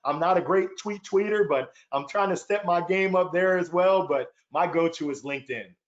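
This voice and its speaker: A high-pitched man speaking at normal speed serves as a webinar panel guest and sales leader. He's earnest and upbeat, often repeating words at the start of a thought, and the video-call audio sounds dull.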